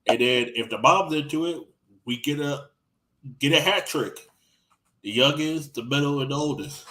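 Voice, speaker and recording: A man telling crude stories in casual podcast chat. He rambles with lots of restarts and acts out what others said, swinging loud and soft. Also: fairly high pitch, moderate pace, rough recording.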